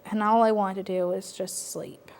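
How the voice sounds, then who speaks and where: A woman telling her personal story in a reflective, halting way, with frequent pauses and fillers. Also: medium pitch, steady tone, darkish tone. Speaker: interviewee sharing personal story. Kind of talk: personal testimony.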